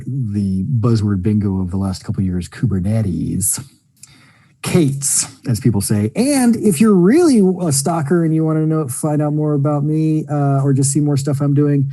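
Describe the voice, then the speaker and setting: Male webinar host, casual rambling talker, dark husky tone. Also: mid-range voice, dry recording. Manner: rambling, jokey, lots of fillers. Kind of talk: casual chat.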